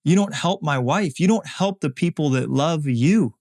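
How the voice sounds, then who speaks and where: A man's voice: on the high side, animated, moderate pace, darkish tone. A man voicing a grieving, angry male disciple who pleads with and accuses God, raising his voice in anguish. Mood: anguished, accusing.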